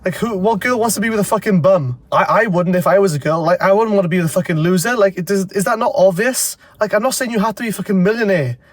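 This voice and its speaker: A congested young man with a fairly high voice talks straight to camera. He rambles bluntly and swears freely. The sound is close and dry. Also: quick pace, few pauses, no echo. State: congested from a cold. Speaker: self-improvement vlogger. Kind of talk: casual talking-to-camera advice.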